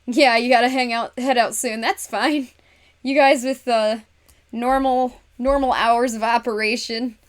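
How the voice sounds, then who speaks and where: A woman's voice: on the high side, fairly even intonation, a little slow. A woman hosting a casual craft livestream, chatting to viewers and talking herself through each step with frequent laughs. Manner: speaks to viewers in chat. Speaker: livestream host.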